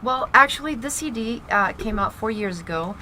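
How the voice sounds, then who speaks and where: A woman's voice: on the high side, expressive, moderate pace, noisy background. A woman singer being interviewed, eager and agreeable, talking casually. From Latin America. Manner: eager, agreeable, laughs easily. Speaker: singer, guest.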